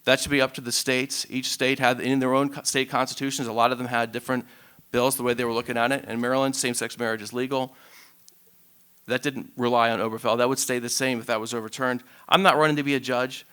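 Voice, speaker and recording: A male congressional candidate answers in a debate with a smooth, clear voice. He speaks firmly and deliberately, at a medium pitch. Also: flat delivery, fairly bright tone. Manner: firm, deliberate.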